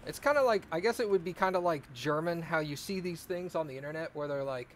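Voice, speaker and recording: A man with a fairly high voice rambles and jokes with his viewers while playing a car repair game. His casual chat comes with a faint hiss of noise in the background. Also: fast. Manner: rambling, joking, chatty with viewers. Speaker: let's play streamer.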